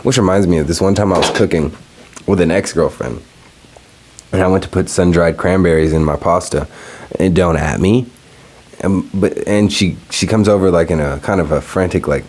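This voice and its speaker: A man's voice: low voice, normal speed, darkish tone. A man hosting a solo podcast, talking loosely and profanely while smoking and telling stories. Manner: loose, profane, storytelling with laughs. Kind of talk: casual solo podcast rant.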